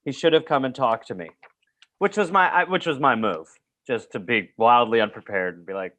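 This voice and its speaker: A man's voice: mid-range voice, big pitch swings, brisk, a bit bright. A man hosting a podcast, telling rambling, jokey school stories in casual chat and reading old reports aloud. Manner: rambling, jokey, reads aloud and acts out quotes. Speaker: podcast host.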